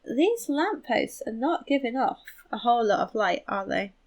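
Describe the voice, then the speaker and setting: A woman's voice: on the high side, very animated, normal speed, darkish tone. A woman giving casual commentary while playing a game, chatty, thinking aloud and poking fun at herself. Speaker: let's play host.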